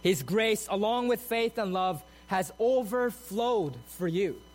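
A man delivers a sermon in a church sanctuary, his voice sitting notably high for a man. He explains the text in a measured teaching tone, then presses into emphatic, repeated phrases. A faint hum runs underneath. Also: expressive, low-quality recording. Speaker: preacher.

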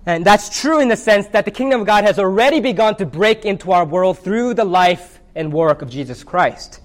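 A man preaching a sermon, reading scripture and retelling a children's story with animated character voices. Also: sits high, normal speed. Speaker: pastor.

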